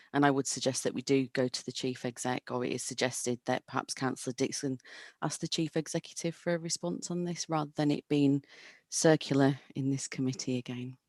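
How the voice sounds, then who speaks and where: A woman's voice: very deep voice, fairly even intonation, normal speed, darkish tone, dry recording, clean studio sound. A woman speaking as a councillor in a formal committee debate over a video call, direct and firm.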